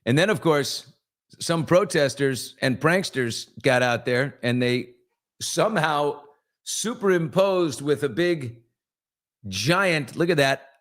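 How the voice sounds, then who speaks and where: A man's voice: on the high side, lively intonation, takes it slowly, a bit bright. A man hosting a casual live talk show, joking around and rambling with asides to his crew. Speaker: host.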